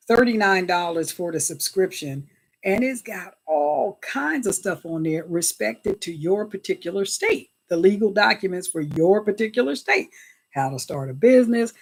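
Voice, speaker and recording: A woman's voice: mid-range voice, breathy edge. A woman chatting casually on a livestream, greeting viewers by name and often thanking God and Jesus. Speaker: livestream host.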